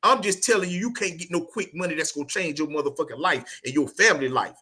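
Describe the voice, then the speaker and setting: A man's voice: a little high, fast, bright, forceful tone, husky. A middle-aged man hosting a podcast, giving a blunt, profane motivational monologue and tacking "man" onto nearly every line. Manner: blunt, profane, preachy, repeats "man" constantly. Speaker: podcast host.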